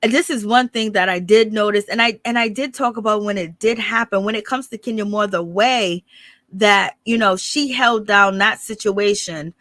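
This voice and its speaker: Bright-voiced woman dishing reality TV gossip. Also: mid-range voice, moderate pace, dry recording. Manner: rambling, blunt and profane. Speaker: channel host. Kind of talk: live gossip commentary.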